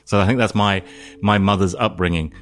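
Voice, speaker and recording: A British man speaking as an interview guest, telling his story in a calm, thoughtful way. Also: sits low, fairly quick, faint music behind. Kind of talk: reflective interview talk.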